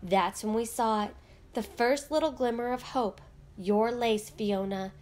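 A woman voicing an affectionate father in a storybook, fond and gentle. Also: a little high, a little slow, close to an everyday voice.

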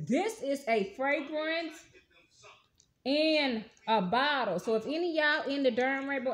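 A beauty vlogger with a bright, high voice and a drawl chats casually with her viewers about perfumes she's bought. She gushes over each bottle, hyping it up with animated, folksy slang.

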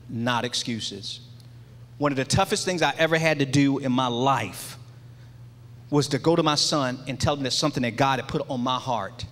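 A man's voice: a little high, fairly bright tone. A middle-aged man leading a church men's ministry, giving an impassioned testimony sermon with a repetitive preaching cadence. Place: large church sanctuary. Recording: long hall reverb.

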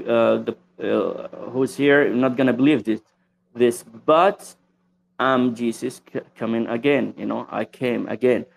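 Brief: male caller, Arabic native speaking English, evasive and hesitant, gravelly voice. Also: mid-range voice, steady tone, a little slow, slight background noise. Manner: evasive, hesitant, full of fillers. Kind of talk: hesitant call-in talk.

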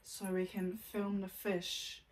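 A woman's voice: medium pitch, completely flat delivery, slow pace, recorded from a distance, crowd noise. A young woman, teasing and bantering playfully in a casual vlog. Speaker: vlogger. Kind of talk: casual chat. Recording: noisy background.

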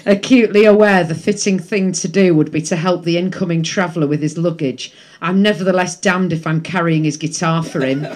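A woman's voice: fairly low pitch, steady tone, fairly quick, hardly any pauses. Woman reading aloud to an audience. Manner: chatty asides between read passages. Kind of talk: reading a book excerpt to a live audience. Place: bookshop event before an audience.

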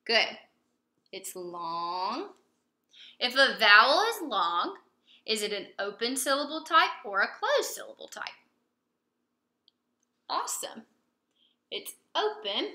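A young woman teacher walks young pupils through a phonics lesson at an unhurried pace, waiting for their answers and praising them. Her voice is very bright and fairly high. The room around her sounds echoey. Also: big pitch swings. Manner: patient, prompting and praising pupils with pauses. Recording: roomy echo.

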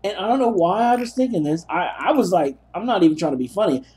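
Animated, rambling young man gaming. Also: high-pitched, fast talker. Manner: rambling, self-mocking storytelling. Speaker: gaming commentator. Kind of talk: let's play commentary.

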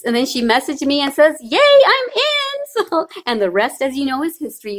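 A woman vlogs at home on a handheld camera, chatting in a bubbly, cheering way and cooing to a baby. Her voice is high-pitched and a bit bright.

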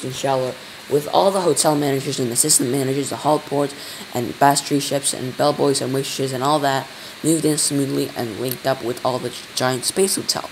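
A man reading a children's book aloud in a steady way, with small slips. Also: medium pitch, a little hiss or hum, low-quality recording. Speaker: storyteller.

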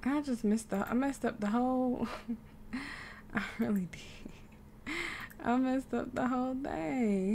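A woman's voice: high voice, slow, vocal fry, long pauses, slight background noise. Chatty woman narrating her game. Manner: animated, chatty, laughs often. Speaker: gaming YouTuber. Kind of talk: casual gameplay commentary.

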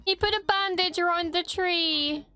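A young woman hosting a reaction video, chatting casually and gushing, squealing high when something is cute. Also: fairly even intonation, a little slow, pushed and bright. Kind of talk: excited casual reaction commentary.

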